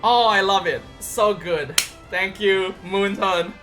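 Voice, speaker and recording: A gaming video creator giving casual patch-notes commentary, excitable and quick to squeal with delight. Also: mid-range voice, soft background music.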